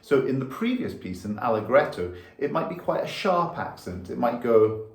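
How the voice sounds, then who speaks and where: Guy teaching violin, calm step by step explaining, kinda echoey room, a bit of violin in the back. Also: mid-range voice, moderate pace, soft background music. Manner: patient, explains step by step while demonstrating. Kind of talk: instructional lesson.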